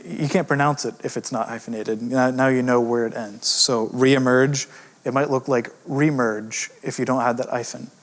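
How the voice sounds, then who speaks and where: Male editor as teacher, relaxed and conversational, middle pitch, slows to stress example words, casual fillers. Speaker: grammar course teacher, editor. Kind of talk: recorded lesson.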